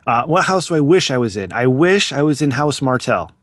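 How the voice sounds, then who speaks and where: A man in his thirties co-hosting a podcast, joking in a dry, teasing way. His voice sits at a middle pitch. The recording is dry and close to the mic. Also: sing-song, brisk, fairly bright tone, no room sound. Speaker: podcast co-host. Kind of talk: casual chat.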